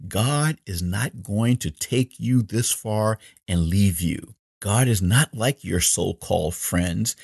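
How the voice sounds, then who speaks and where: Male pastor, emphatic sermon delivery, slow and deliberate, husky lowish voice, dry close sound. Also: lively intonation, a little mellow, dry recording. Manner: emphatic preaching, quoting scripture.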